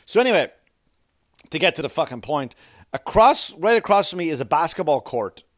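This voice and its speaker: Profane rambling stand-up comic, higher voice. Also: male voice, sing-song, brisk, dry recording, clean studio sound. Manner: rambling, profane, conversational asides. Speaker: stand-up comedian. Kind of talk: stand-up comedy routine.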